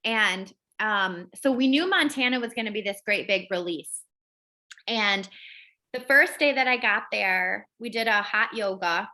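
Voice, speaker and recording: A woman's voice: mid-range voice, unhurried, sharp tone. A woman hosting a wellness group over a video call, telling a rambling story with many fillers. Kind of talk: casual chat on a video call.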